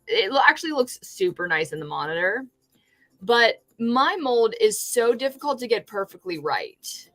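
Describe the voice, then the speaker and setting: A woman's voice: mid-range voice, a bit bright, dry recording. A woman from California, chatting casually on a livestream while showing fake food crafts, rambling with many restarts and sounding delighted by her own work. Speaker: streamer and fake food artist.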